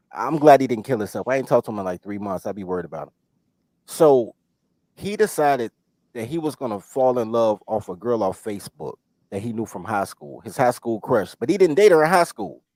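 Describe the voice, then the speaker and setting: A man telling a story on a podcast in casual chat, animated and profane, loudly quoting himself. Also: medium pitch, no echo. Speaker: podcast host.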